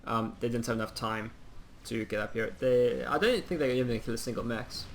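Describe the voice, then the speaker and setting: A game caster delivers laid-back play-by-play on a strategy game, rambling and chatty with lots of ums and ready to make fun of himself. His voice sits at medium pitch, with a little background noise.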